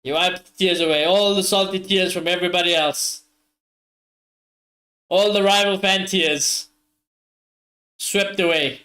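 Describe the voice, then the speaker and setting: Excitable man commentating a football watchalong. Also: high voice, measured pace, pauses often. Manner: excitable, swears often, talks straight to viewers.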